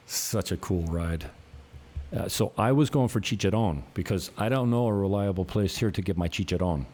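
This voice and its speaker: A man's voice: deep voice, normal speed, pauses often, a little mellow. A man in his fifties, a realtor hosting his own channel, chatting casually in a rambling, profane way and chuckling often. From Canada. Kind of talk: casual rambling vlog chat.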